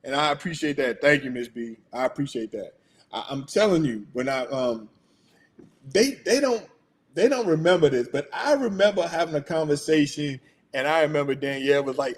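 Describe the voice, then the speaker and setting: A man's voice: fairly high pitch, animated, moderate pace, slight background noise. A middle-aged man hosting his own show, signing off in a loose, rambling way, chuckling often, his throat going out. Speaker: podcast host. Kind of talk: casual show sign-off.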